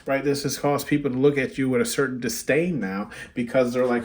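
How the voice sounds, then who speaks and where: Brief: young adult man, mid-pitched, chatty card reader who keeps asking "right?" and "okay?". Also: fairly even intonation, a little fast, a little hiss or hum. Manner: chatty, frequent "right?" and "okay?" check-ins. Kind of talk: casual spoken card reading.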